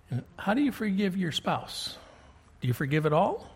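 A man's voice: fairly high pitch, lively intonation, a little fast, breathy edge. A man preaching a sermon as pastor, folksy and conversational, asking his listeners rhetorical questions.

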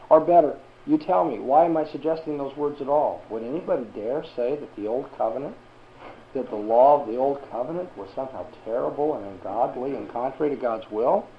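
Male Bible teacher, gravelly voice, questioning the class, dull recording. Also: medium pitch, fairly quick, slight background noise.

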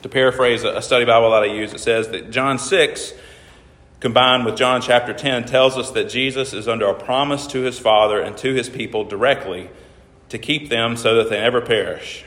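A man's voice: medium pitch, steady tone, moderate pace, a bit bright. Man preaching in an echoey hall. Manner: asks the congregation questions, reads scripture aloud. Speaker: pastor. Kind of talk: sermon.

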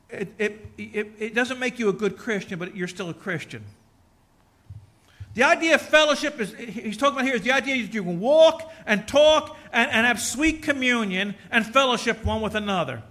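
High, bright-voiced preaching man. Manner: folksy, joking asides, rising to fervent preaching. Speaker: pastor. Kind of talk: sermon.

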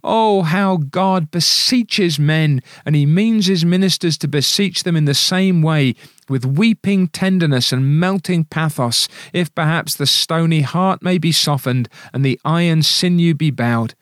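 Guy preaching a sermon, kinda higher voice, really earnest and pleading, dry close mic. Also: measured pace, no echo. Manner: earnest pleading delivery, reads quotations aloud.

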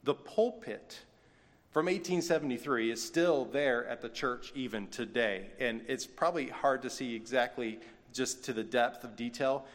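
In a church sanctuary with the long reverb of a church hall, a male pastor preaches a sermon. His medium-pitched voice moves at normal speed, conversational and sprinkled with folksy asides.

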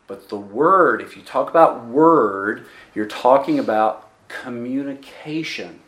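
A man preaching a sermon as a pastor, slow and deliberate, asking the congregation questions and answering them himself, with emphatic pauses on key words. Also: medium pitch, fairly bright tone. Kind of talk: expository sermon.

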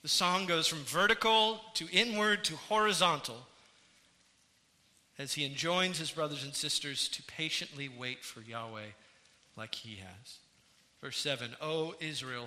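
A man's voice: fairly high pitch, bright, forceful tone. A man preaching a sermon to his congregation in an earnest way that rises and falls in intensity. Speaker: pastor. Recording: church hall with long reverb.

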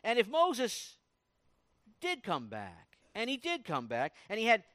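A man preaching a sermon in a high, very lively voice that climbs and drops with every point. He swings from booming emphasis to quiet, low asides. The sound is close and dry, with no room around it. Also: measured pace, dry recording. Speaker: pastor.

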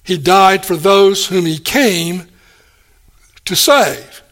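A man preaching a sermon, animated, acting out the people he quotes and chuckling between points. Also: high voice, drawn-out words. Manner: animated, acts out quoted speakers.

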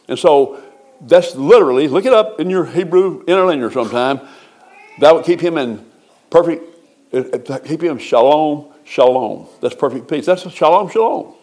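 A male pastor preaching in a folksy, conversational way, moving between soft asides and slow, drawn-out emphasis. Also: a little high. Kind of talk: sermon.

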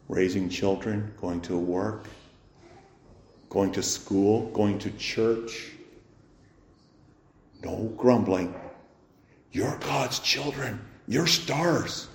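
A man's voice: medium pitch, very animated, slow, pauses often. Male pastor mid-sermon, emphatic and questioning, echo from a roomy space. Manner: emphatic, asks rhetorical questions, swings loud and soft.

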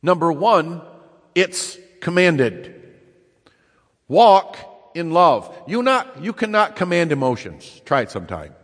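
A man preaching a sermon, emphatic, repeating key phrases and slowing down to stress them. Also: a little high, big pitch swings, a bit bright. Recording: long reverb in a large hall.

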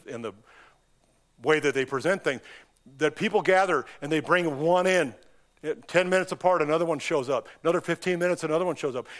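A man with a fairly high voice preaching an impassioned sermon in a church. His delivery is emphatic, and his voice climbs and falls suddenly as he drives each point home. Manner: impassioned, emphatic preaching with sudden rises and drops in pitch and loudness. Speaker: pastor.

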